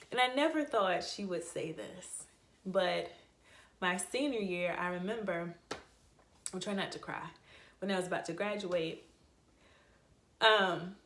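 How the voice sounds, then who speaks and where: A young woman telling a heartfelt, rambling personal story in a casual vlog, with many fillers and restarts. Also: fairly low pitch. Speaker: vlogger, voice teacher. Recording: echoey room.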